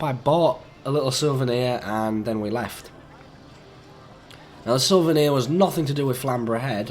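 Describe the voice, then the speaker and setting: A young man, croaky and under the weather, chatting in a rambling, easygoing way while playing a game. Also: mid-range voice. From England. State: croaky, sick voice. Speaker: gaming YouTuber. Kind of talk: rambling let's-play commentary.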